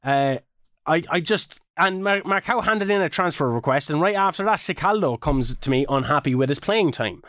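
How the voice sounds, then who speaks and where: A man with a fairly high voice chats animatedly about his game, swearing freely and acting out what others said. The sound is dry and close. He talks like a regular podcast co-host. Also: moderate pace, no echo. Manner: animated, swears a lot, acts out quotes. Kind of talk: casual gaming chat.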